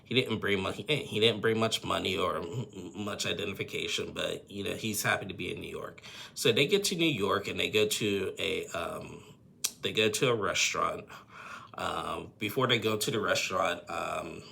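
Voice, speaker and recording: Deep gravelly man rambling recap. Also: moderate pace, sharp tone. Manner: rambling and opinionated, repeats "and stuff and everything". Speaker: TV episode recapper. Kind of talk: casual episode recap commentary.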